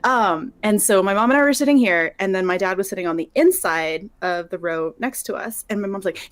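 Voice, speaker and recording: A woman from New Mexico telling a story on a livestream, animated, acting out quotes and laughing through it. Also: mid-range voice, fairly quick, hardly any pauses. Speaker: guest.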